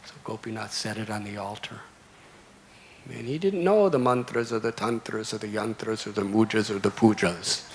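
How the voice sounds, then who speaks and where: A man's voice: fairly low pitch, moderate pace, slight background noise. A monk in his sixties telling a devotional story in a temple sermon, fond of repeated lists. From United States. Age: 60s. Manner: storytelling with repeated, listed phrases. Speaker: monk giving a discourse.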